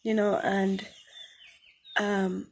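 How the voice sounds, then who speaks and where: A woman's voice: medium pitch, level tone, extremely slow, darkish tone. A woman giving an earnest spoken Christian testimony, repeating phrases for emphasis. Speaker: testimony speaker.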